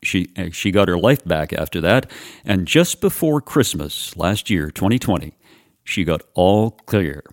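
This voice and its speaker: Low-voiced male podcast host, dry mic. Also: lively intonation, unhurried, dry recording. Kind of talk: scripted intro and interview.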